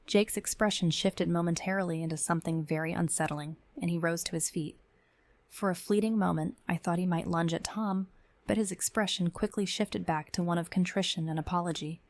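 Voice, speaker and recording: A woman giving measured, tense first-person narration of a scripted horror story. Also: fairly low pitch, steady tone, dry recording.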